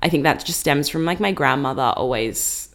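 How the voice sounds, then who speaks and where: Young aussie woman, lowish voice, chatty podcast co-host, laughs a lot. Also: moderate pace. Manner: chatty and animated, laughs often. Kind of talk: casual chat.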